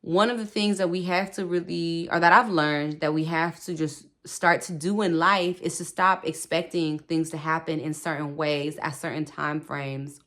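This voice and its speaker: Woman host, low voice, relaxed chatty spiritual pep talk to her viewers. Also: moderate pace, few pauses. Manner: chatty, laughs often, repeats "okay", speaks to viewers directly. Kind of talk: casual spoken advice.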